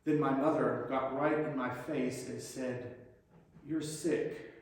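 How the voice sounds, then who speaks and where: A man's voice: mid-range voice, steady tone, measured pace. Plainspoken man, very echoey distant hall. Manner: plainspoken, direct and reflective. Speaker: lay speaker giving a reflection. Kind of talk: personal reflection at a congregation. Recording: very echoey hall, mic far off.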